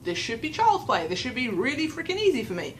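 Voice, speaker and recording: A young woman tells a rambling, self-mocking story to her camera, her higher voice swinging widely as she acts out her own panicked thoughts. Faint background noise sits under the recording. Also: fast talker, low-quality recording. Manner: rambling, self-mocking, animated retelling with quoted inner voice. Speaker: vlogger. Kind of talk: casual storytelling vlog.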